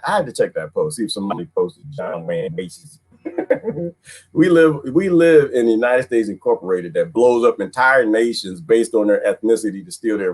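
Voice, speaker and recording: A man ranting casually on a livestream, rambling in folksy slang, repeating himself and reading chat comments aloud. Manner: rambling and animated, swooping pitch, frequent laughs.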